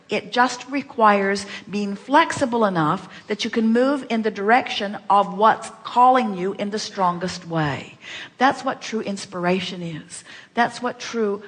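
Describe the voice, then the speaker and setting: A woman with a slightly husky, breathy voice leads an inspirational teaching session, answering questions from the audience. She speaks as "we" and circles back on her points with rhetorical questions. Her voice rings out with a long reverb in a large seminar hall. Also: mid-range voice. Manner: speaks of herself as "we", full of rhetorical questions and repetitions. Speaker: spiritual workshop speaker.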